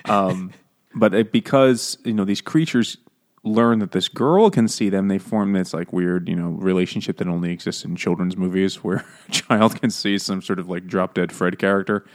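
In a relaxed, comedic book chat, a deep-voiced co-host talks at a regular speed. He cracks jokes, laughs a lot, and performs characters' lines aloud.

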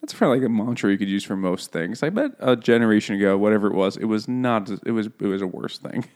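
A man with a lowish voice talks loosely about a book with friends. He rambles, restarts his sentences and throws in laughing asides. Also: expressive, quick pace, darkish tone. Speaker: podcast co-host. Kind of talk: casual book chat.

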